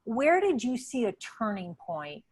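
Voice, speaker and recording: A woman's voice: fairly high pitch, sing-song, measured pace, darkish tone, slightly rough. A woman interviewing an author on a video call, asking long questions with many restarts and repeated words. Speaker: interviewer, congresswoman.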